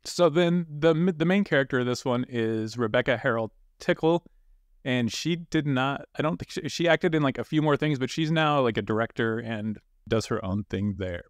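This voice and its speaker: A man co-hosting a casual podcast, relaxed and rambling with many fillers. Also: medium pitch, moderate pace, no room sound, studio quality. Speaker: podcast co-host.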